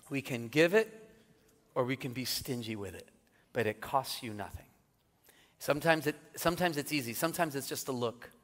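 Male pastor, sermon, upbeat storytelling, fairly high voice, long church-hall reverb. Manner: animated storytelling with jokes and laughter. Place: church sanctuary.

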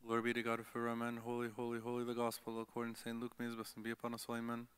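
A man leading a church liturgy, reading the prayers in a steady recited cadence. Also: medium pitch, racing, clean tone. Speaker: liturgy leader.

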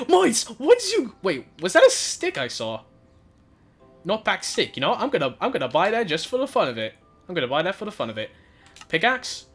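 Guy doing gameplay commentary, voice jumps all over, talks to himself, yells and laughs when it goes bad. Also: a little high. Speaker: gaming YouTuber.

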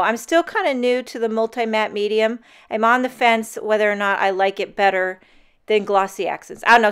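A woman's voice: a little high, fairly bright tone, clean tone. A woman narrating a casual craft tutorial in voice-over, chatty and talking straight to the viewers. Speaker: card-making crafter.

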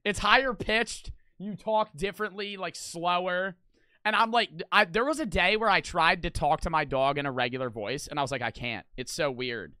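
A man hosting a reaction video, talking casually in a loud, blunt, profane way and laughing often. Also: high-pitched, moderate pace, clear, resonant tone, no room sound, studio quality.

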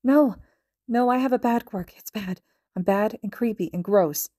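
A woman's voice: on the high side, moderate pace, mellow, no echo, clean studio sound, pitched above the performer's own voice, natural voice. A woman voicing a frightened teenage girl with a shapeshifting power, pleading and full of self-loathing in a storybook reading. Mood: distraught.

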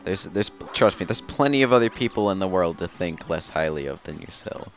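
Gravelly low-voiced Midwestern man. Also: lively intonation, fairly quick, soft background music. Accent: Midwestern American. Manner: teasing, laid-back. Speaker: let's play co-host. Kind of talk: casual gaming chat.

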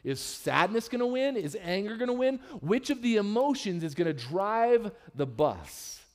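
Male pastor, sermon, fairly high voice, candid, humorous, church sanctuary. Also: moderate pace. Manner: candid and humorous, with lively swings in pitch and loudness.

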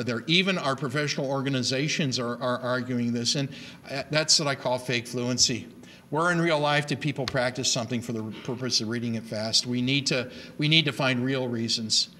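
A man's voice: medium pitch, moderate pace. A middle-aged man giving an emphatic lecture on teaching reading to a live audience, often restarting his words. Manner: animated, emphatic, with many repeated starts. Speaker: reading education speaker.

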